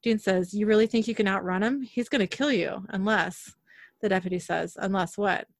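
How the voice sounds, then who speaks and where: A woman talks through a TV episode scene by scene, reading the characters' lines without much change of voice. Her pitch sits in the middle, and the recording is dry and close with little room sound. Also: steady tone, no echo. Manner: narrates scenes briskly, quoting characters in near-own voice. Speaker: podcast host recapping an episode. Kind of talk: casual recap, reading scene lines aloud.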